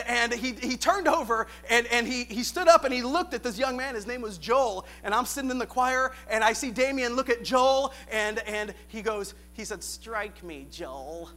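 A youth pastor with a very high, bright voice preaching a sermon. He builds to shouted, rousing questions, then drops into soft, chuckling storytelling. His delivery is lively and sharp throughout. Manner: animated preaching, swinging from shouted questions to quiet storytelling with laughs.

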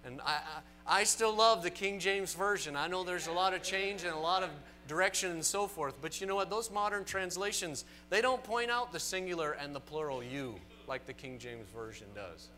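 Animated Southern preacher, bright voice. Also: male voice, sits high, normal speed, few pauses, soft background music. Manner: animated, rising to emphatic peaks, folksy asides. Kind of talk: sermon. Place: church sanctuary.

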